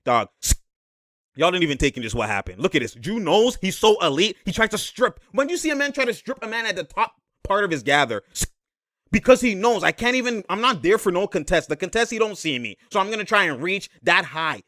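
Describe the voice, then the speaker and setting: A man giving a slangy, excited breakdown of basketball game film, laughing often and repeating himself. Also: on the high side, no echo, clean studio sound.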